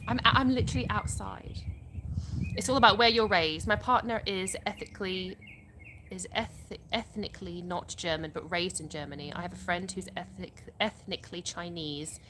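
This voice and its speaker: Woman in her thirties on a phone live stream outside, reading out comments and chatting back, bright clear voice, faint noise around. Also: lowish voice, fairly even intonation, moderate pace. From England. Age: 30s. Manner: reads viewer comments aloud and answers them chattily. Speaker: livestream host. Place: outdoors.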